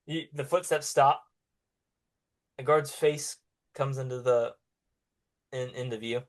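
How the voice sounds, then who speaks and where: A relaxed man narrating a tabletop game as its game master. He talks loosely, with fillers and easy chuckles, at a middling pitch. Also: takes it slowly, long pauses. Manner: casual, laughs often, filler-heavy.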